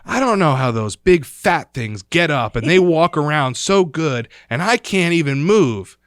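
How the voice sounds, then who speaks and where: A man putting on a shrill stubborn old grandma. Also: lively intonation, a little slow, no echo, clean studio sound. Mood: indignant. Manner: indignant, insists she knows what's going on. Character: stubborn ninety-five-year-old grandmother, proud and contrary.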